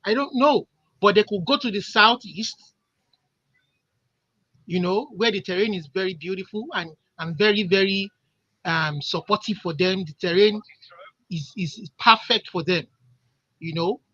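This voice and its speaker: A man's voice: high voice, measured pace, pauses often, pushed and bright, no room sound. A man calling in, talking in a heated, impassioned way and stumbling over repeated words. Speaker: caller. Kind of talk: heated call-in commentary. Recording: dull lo-fi call audio.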